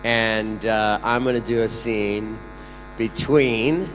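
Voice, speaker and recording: Playful actor on an echoey convention stage. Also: male voice, fairly low pitch, takes it slowly, a bit bright. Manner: playful, joking, laughs often. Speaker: guest actor on a convention panel. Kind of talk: convention Q&A panel. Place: large convention hall. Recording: echoey convention hall, faint hum.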